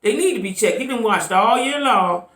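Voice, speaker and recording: A woman chatting through her vlog commentary with a lively, swooping voice, leaning on quick asides to her viewers. The recording carries a roomy echo around her. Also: fairly high pitch. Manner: animated, chatty, frequent "right?" asides. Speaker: YouTube commentator.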